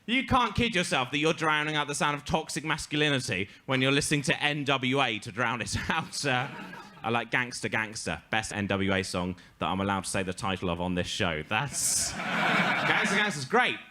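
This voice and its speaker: A young English man doing stand-up storytelling with a nasal, deadpan, self-deprecating delivery. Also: mid-range voice, moderate pace. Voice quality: nasal and monotone. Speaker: stand-up comedian. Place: live storytelling stage with audience.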